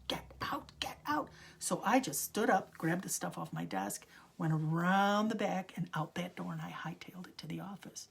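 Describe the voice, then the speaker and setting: Husky older woman telling a hushed story. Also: lowish voice. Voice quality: husky, gravelly. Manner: drops often into a hushed whisper. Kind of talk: personal storytelling.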